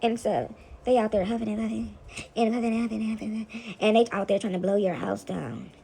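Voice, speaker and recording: A woman talks to her viewers from home in a loose, rambling way, circling back over the same phrases. Her voice is gravelly and husky, with a mid-range pitch. Now and then she slips into mocking voices. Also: fairly even intonation, fairly quick, mellow. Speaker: vlogger. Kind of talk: casual spiritual commentary to viewers. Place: at home, sitting back among laundry.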